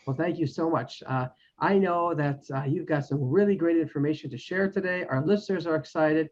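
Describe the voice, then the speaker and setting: A man's voice: on the high side, a little fast, a little mellow. A man hosting a podcast interview, friendly and laughing often, with hesitant fillers. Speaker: podcast host. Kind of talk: casual interview chat. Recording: dull lo-fi audio.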